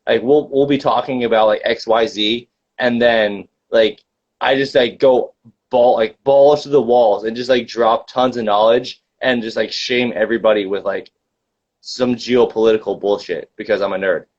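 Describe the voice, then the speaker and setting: Young male co-host, mid-pitched, rambling filler-heavy chat, dull recording. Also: fairly even intonation, normal speed. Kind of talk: casual chat. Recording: dull lo-fi sound.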